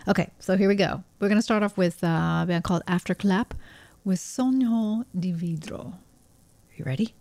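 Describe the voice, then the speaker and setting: A woman's voice: mid-range voice, normal speed, mellow. A woman with a light Texas accent hosting a community radio show, chatty and playful, reading the weather and sponsor credits. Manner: chatty, laughing, loose and playful.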